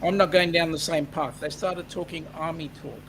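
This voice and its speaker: An Australian man co-hosting a live stream, greeting chat viewers in a relaxed, chatty way with lots of fillers. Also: on the high side, normal speed, low-quality recording. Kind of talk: casual online chat. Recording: buzzing mic with background noise.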